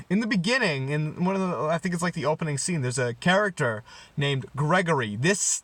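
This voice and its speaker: A man's voice: fairly high pitch, fairly bright tone, no echo. Rambling young man, mock-serious rant. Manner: rambling, stumbling over his words, sarcastic outbursts. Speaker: comedy vlogger.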